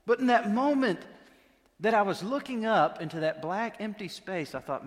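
A man preaching a sermon, telling a story in a conversational way with dramatic pauses. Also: high voice. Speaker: pastor. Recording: long reverb of a large hall.

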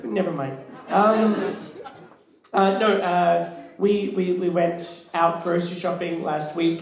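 A man's voice: a little high, a little mellow. A man co-hosting a casual comedy chat, sick with a cold, campy and self-mocking, often laughing. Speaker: podcast co-host. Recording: very echoey room.

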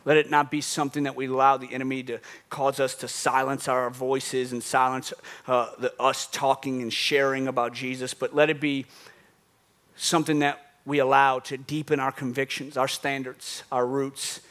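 A preacher builds his sermon with dramatic repetition and little acted-out phone calls. He speaks at a normal speed in a mid-range, fairly bright voice with a flat delivery.

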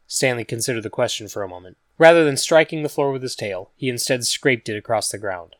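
A male narrator with a mid-range voice reads a scripted audiobook story aloud in an even, measured manner. The studio-quality recording has no room sound.

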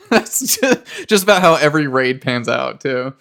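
A man's voice: mid-range voice, creaky, a bit bright. A man co-hosting a podcast, talking casually in a rambling way with lots of fillers. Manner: rambling, with frequent fillers and laughter. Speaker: podcast co-host. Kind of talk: casual chat.

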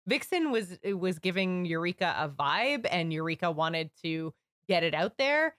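A woman co-hosting a podcast in casual, animated chat. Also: lowish voice, dry recording, studio quality. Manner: chatty, animated, quick asides. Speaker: podcast co-host.

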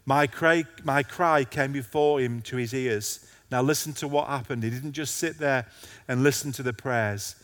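A man's voice: medium pitch, normal speed, a bit bright, long reverb tail. A male pastor preaching a passionate sermon to a congregation, his intensity rising and falling.

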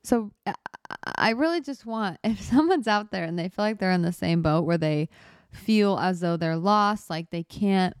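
A woman's voice: medium pitch, expressive, moderate pace, clean tone, dry recording, clean studio sound. A young woman hosting her own podcast, opening up about her life in an earnest, reflective way, with lots of fillers and restarts. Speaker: podcast host. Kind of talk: reflective solo podcast talk.

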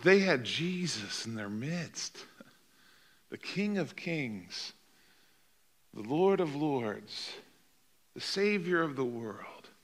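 A man preaching a sermon, dramatic and expressive, acting out the voices of the people he quotes. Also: medium pitch, slow, long pauses. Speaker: pastor.

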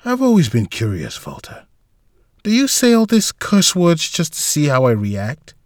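A man's voice: fairly high pitch, wildly swooping pitch, a little slow, a little mellow, dry recording, studio quality, pitched above the performer's own voice. A man reading a terse suspicious woman boss. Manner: blunt, guarded, clipped questions.

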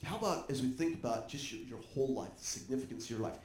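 A man preaching a sermon, animated and joking with the congregation. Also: mid-range voice, fast talker, roomy sound, a little hiss or hum. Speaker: pastor.

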